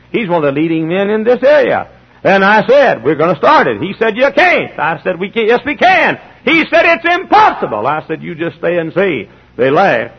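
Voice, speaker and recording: A middle-aged pastor, preaching emphatically and acting out little dialogues. His voice sits a bit high and sounds husky. The recording is dull and lo-fi. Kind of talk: sermon.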